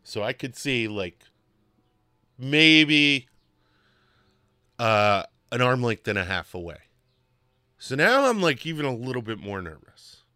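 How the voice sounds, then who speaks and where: A man hosting a podcast, telling a personal story in a casual, animated way with emphatic repetition. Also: medium pitch, takes it slowly, pauses often, dry recording, clean studio sound. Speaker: podcast host.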